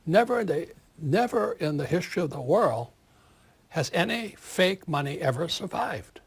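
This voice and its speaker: A man in his seventies, an author giving an interview, talking in an animated, forceful way and repeating words for emphasis. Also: on the high side, moderate pace, gravelly, slightly rough. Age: 70s.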